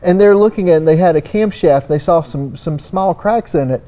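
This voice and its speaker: A man's voice: on the high side, normal speed, warm tone. A man with a Southern US accent talking on a technical panel in a folksy, rambling way full of "you know". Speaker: panel guest, surface-finishing expert. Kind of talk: casual technical panel talk. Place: trade expo stage.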